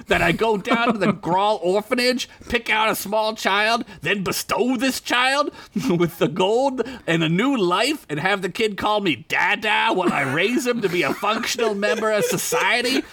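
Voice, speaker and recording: A man's voice: high voice, bright, forceful tone, pitched above the performer's own voice, full character voice. A man voicing a tiny, mocking male crime boss with paws, taunting and sneering at his victim.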